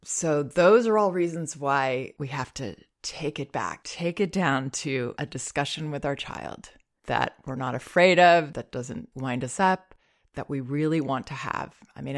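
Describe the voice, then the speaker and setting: A woman calmly giving parenting advice, gentle and reassuring, with soft laughs. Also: low-pitched, unhurried. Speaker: parenting advisor. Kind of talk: advice talk.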